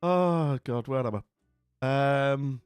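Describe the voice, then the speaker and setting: A man's voice: mid-range voice, slow pace, smooth, no room sound, soft background music. A man from northern England, chatting casually and at a ramble while live streaming a game, with many asides like "you know what I mean".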